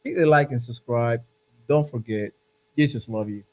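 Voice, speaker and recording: A man's voice: medium pitch, moderate pace, low-quality recording. A man hosting a podcast in casual chat, earnest and urging, often repeating his points. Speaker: podcast host.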